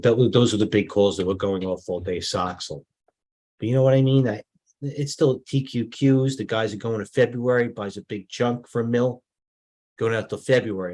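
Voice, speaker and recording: A middle-aged man hosts a live trading stream in a low, husky voice. He talks off the cuff, muttering asides and restarting sentences as he goes. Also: a little mellow, poor audio. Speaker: stock market live-stream host. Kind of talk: off-the-cuff market commentary.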